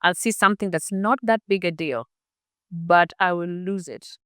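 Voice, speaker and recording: A middle-aged woman, the guest expert in a conversational interview, explains health topics using everyday examples and acts out inner thoughts. Her voice sits on the low side with a fairly bright, clean tone at a moderate pace, recorded in clean studio sound without echo.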